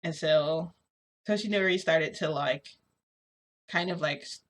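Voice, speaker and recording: A woman's voice: sits low, measured pace. A woman vlogger casually retelling a story in a rambling way, full of fillers. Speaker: shifting vlogger.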